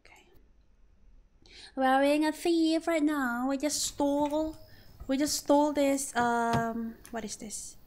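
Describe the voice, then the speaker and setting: Playful high-voiced woman streaming a game. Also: fairly even intonation, slow pace, a little mellow. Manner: playful, rambling, self-mocking. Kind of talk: casual game-stream chat.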